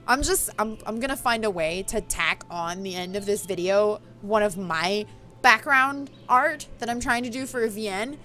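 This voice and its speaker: A woman hosting a let's play, chatting casually and excitedly, swearing and laughing at herself. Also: mid-range voice, moderate pace, faint music behind. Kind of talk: casual game commentary.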